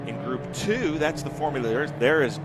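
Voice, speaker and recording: A man's voice: fairly high pitch, animated, fairly quick, loud music behind the voice. A man doing live motorsport commentary, chatty and joking as he runs through the field of drivers and cars. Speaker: race commentator. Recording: commentary booth with loud track noise.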